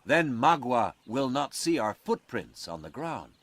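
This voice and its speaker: A steady frontier scout speaks low, slow and careful, as a man reads him in a storybook. His quiet commands carry a lively lift in pitch. The sound is dry and close. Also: no echo, full character voice.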